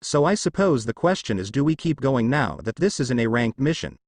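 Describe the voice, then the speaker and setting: A man voicing a relaxed, matter-of-fact male ninja teacher in a fan story read aloud. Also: medium pitch, fairly quick, dry recording, clean studio sound.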